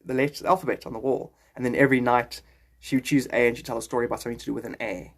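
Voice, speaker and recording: A man's voice: mid-range voice, fairly even intonation, rapid-fire. A man chatting casually on a phone live stream, rambling and joking, often slipping into silly voices.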